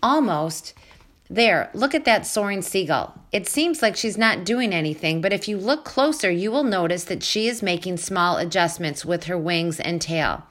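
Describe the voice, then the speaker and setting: A woman voicing a calm, careful robot mother with even, precise speech. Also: on the low side, normal speed.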